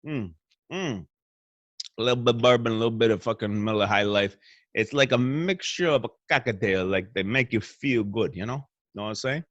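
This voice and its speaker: A man with a medium-pitched, slightly bright voice speaks at a moderate pace. He's a show host from Northeastern Pennsylvania, by his accent, giving a profane, rambling comedic monologue in a hotel room with meandering restarts. The audio is dull, without echo.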